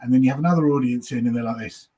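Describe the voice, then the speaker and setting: Husky-voiced man telling stories. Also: mid-range voice, very fast, dark tone. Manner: chatty storyteller, swears, acts out audience voices. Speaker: comedian guest. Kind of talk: casual chat, telling anecdotes.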